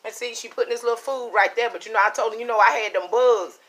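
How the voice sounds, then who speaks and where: A woman's voice: a little high, quick pace, fairly bright tone. A middle-aged woman, chatting casually to her viewers at home. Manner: chatty, talks to viewers as y'all. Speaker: vlogger. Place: living room at home.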